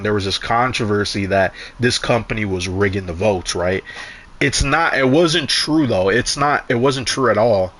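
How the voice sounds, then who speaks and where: A man's voice: medium pitch, fairly bright tone. A young man chatting casually while gaming, telling rambling, profane stories full of restarts and asides. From Canada. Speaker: gaming streamer.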